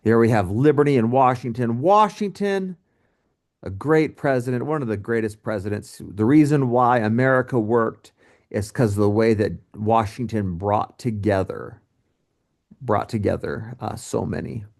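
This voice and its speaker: A man teaching a history lesson in a casual, joking way, with lively asides to his students. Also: medium pitch, moderate pace. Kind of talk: recorded history lecture.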